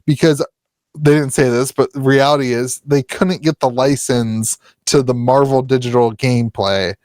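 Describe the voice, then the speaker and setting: A man's voice: medium pitch, steady tone, moderate pace, darkish tone, no room sound. A man hosting a podcast in casual chat, rambling with restarts and frequent laughter. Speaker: podcast host.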